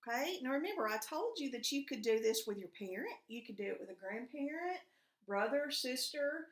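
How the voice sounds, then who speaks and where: A woman's voice: high voice, animated, fairly quick. A woman teacher, patiently walking young pupils through a reading lesson and asking them guiding questions. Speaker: elementary school teacher. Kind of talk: recorded remote reading lesson. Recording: echoey room.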